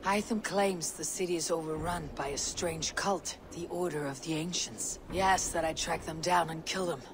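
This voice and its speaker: An actress playing a calm, steady female Viking warrior leader in a video game. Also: deep voice, moderate pace, noisy background, lightly acted. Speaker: game protagonist.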